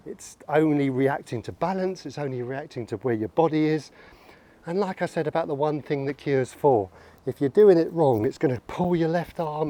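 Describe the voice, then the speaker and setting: A man's voice: fairly high pitch, warm tone. A man coaching golf outdoors, upbeat and encouraging as he demonstrates swings. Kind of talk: on-course golf instruction.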